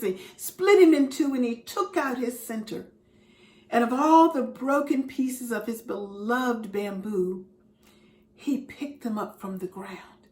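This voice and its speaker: A woman reading a story aloud with expression, dropping to a whisper at quiet moments. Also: fairly high pitch, reverberant. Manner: expressive, drops to whispers for effect.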